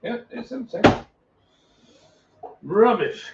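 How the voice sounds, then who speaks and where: A Yorkshire man drifts slowly through a relaxed livestream chat, his voice rough with fry as he riffs on viewer comments. The sound is dull and lo-fi, like a basic computer mic at home. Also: very high voice, background noise. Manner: chatty, jokey, lots of filler "uh"s. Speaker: livestream host. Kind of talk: casual chat reading live comments. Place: home, drinking beer. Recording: dull lo-fi stream audio.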